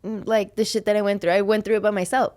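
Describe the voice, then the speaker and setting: A woman's voice: medium pitch, little pitch movement, fast, darkish tone. Blunt, profane young woman telling her story. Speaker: podcast host. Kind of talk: casual podcast chat.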